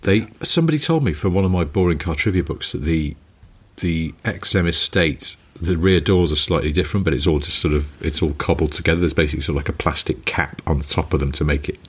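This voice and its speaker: A man's voice: rumbling low, fast talker, husky. A man co-hosting a podcast, chatting casually in a wry, rambling way and laughing easily. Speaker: podcast co-host. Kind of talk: casual chat.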